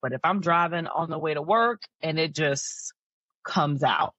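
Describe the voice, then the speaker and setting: A woman's voice: low-pitched, a little slow, no room sound, muffled recording. A woman guest on a podcast, telling personal stories in a reflective, candid way. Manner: reflective, candid, often laughs softly. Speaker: guest, mental health counselor. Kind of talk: personal storytelling in a podcast conversation.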